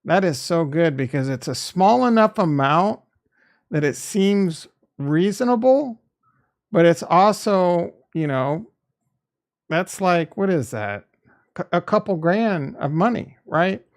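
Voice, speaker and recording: A man's voice: high-pitched, lively intonation, slow. A man hosting a crypto investing channel, talking in a candid, rambling way that is casual and peppered with swearing.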